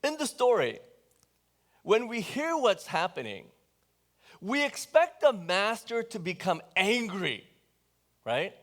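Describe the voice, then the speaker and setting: A man's voice: sits high, very animated, takes it slowly, long pauses. A man preaching a sermon, talking with the congregation in a conversational, questioning way and telling the story with animation. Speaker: pastor.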